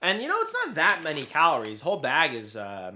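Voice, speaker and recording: A man co-hosting a podcast, chatting casually while tasting snacks, rambling and joking with loud bursts of laughter. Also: a little high, wildly swooping pitch, a little fast, slight background noise. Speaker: podcast co-host.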